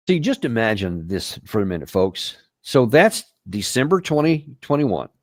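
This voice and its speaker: A man's voice: fairly low pitch, very animated, normal speed, dry recording. A man hosting a show, giving emphatic, incredulous commentary on news clips. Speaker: host and military commentator.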